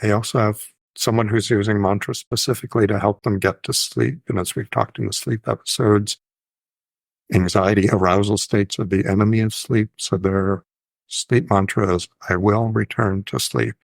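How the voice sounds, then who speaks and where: A man hosting an informal educational talk as a psychiatrist. He speaks thoughtfully and in a measured way, often correcting himself mid-phrase. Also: on the low side, fairly even intonation, creaky, no room sound. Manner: sometimes intones phrases in a sing-song rhythm. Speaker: psychiatrist host.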